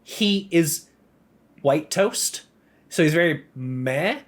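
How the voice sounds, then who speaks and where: A man's voice: fairly high pitch, expressive, slow. A man co-hosting a podcast, giving blunt, dismissive opinions in casual chat. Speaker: podcast co-host.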